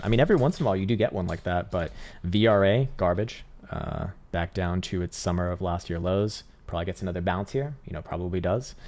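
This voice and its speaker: Laid-back, very deep-voiced male streamer. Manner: laid-back, swears often, says "man" a lot, laughs loudly. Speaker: livestream crypto trading host. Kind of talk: casual live-stream commentary.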